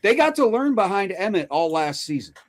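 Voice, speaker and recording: A man with a higher, very lively voice hosting a sports podcast. He poses questions conversationally, swinging his pitch a lot. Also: brisk. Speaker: podcast host. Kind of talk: casual interview chat.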